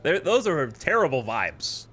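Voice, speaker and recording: Animated American man streaming a game. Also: on the high side, unhurried, slightly rough, soft background music. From United States. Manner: animated, argumentative, thinks aloud. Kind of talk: casual gameplay commentary.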